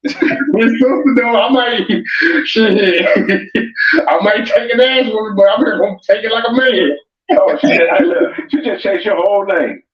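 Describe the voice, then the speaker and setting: High-voiced man laughing through a livestream. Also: measured pace. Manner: laughs often, loud excited exclamations. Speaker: livestream host reading chat. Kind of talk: casual livestream chat. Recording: echoey, distant, dull sound.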